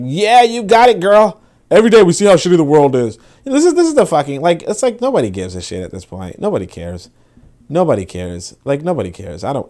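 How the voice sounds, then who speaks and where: Animated, profane man hosting commentary. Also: mid-range voice. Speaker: podcast host. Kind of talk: casual commentary.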